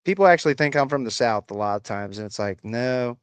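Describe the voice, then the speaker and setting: A man's voice: medium pitch, animated, a little fast, clean tone, no echo. A man with a slight Appalachian country accent, hosting a casual livestream, reading chat aloud and answering with crude, sarcastic swearing.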